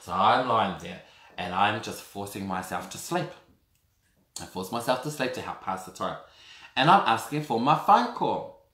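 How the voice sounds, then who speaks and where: A man's voice: fairly low pitch, normal speed. A man, telling a personal story to camera in a camp, theatrical way. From New Zealand. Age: 30s. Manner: animated, camp and theatrical, calls the audience girl and darlings. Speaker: vlogger. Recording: echoey room.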